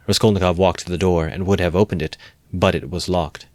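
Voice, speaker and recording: A man calmly narrating an amateur audiobook reading of a classic novel. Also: low-pitched, a little fast, dry recording.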